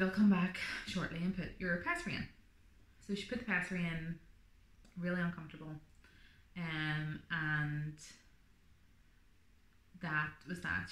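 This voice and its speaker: A woman's voice: low-pitched, little pitch movement, moderate pace, fairly bright tone, roomy sound. A woman vlogger telling her birth story in a chatty, rambling way, full of fillers. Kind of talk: casual birth story vlog.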